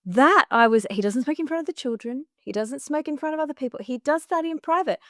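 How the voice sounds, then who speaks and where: A woman's voice: high-pitched, expressive, a little fast, fairly bright tone, dry recording, clean studio sound. A woman podcast guest, a women's health coach, telling her personal story in earnest and acting out what she once said, with many "like" fillers. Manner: earnest, acts out her own past remarks in quotes; frequent "like" fillers.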